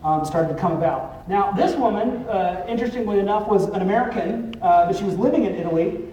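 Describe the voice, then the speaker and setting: A man's voice: high voice, dark tone, lo-fi sound. Man presenting casually at a conference, profane, filler-heavy; roomy hall sound, distant mic, faint noise. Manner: loose and profane, many filler pauses.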